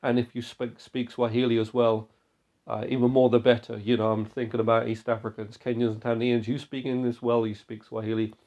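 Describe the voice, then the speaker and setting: Male podcast host with a creaky edge to his voice, earnest and exhorting, restarts often. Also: medium pitch, a little mellow, lo-fi sound. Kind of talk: missionary podcast talk.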